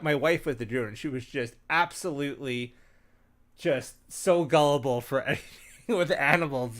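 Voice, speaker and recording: Male host with a middle-pitched voice, casual and rambling, full of fillers and restarts, livens up when he tells stories over a computer mic. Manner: animated storyteller. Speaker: host sharing game-master tips. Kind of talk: casual chat.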